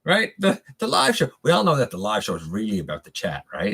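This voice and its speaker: A man's voice: fairly high pitch, very animated, brisk, few pauses. A middle-aged man hosting a casual live stream, chatting loosely with viewers and reading their comments, with many fillers and restarts.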